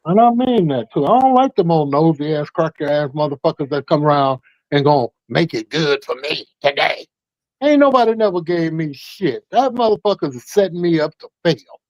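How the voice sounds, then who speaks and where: A man calls in to a morning talk show and rambles through a story, cursing constantly and getting worked up as he goes. His voice sits fairly high for a man, and the recording is dry and close. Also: big pitch swings, normal speed, dry recording, muffled recording. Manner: profane, heated rambling storyteller. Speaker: caller telling a story. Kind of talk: casual call-in chat.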